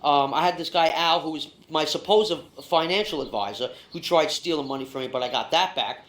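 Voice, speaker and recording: A man's voice: a little high, fairly quick, fairly bright tone, echoey room. A man telling a rambling story full of restarts and swearing, interviewed about a confrontation. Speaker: interviewee and video poster. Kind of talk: agitated storytelling with replayed rant.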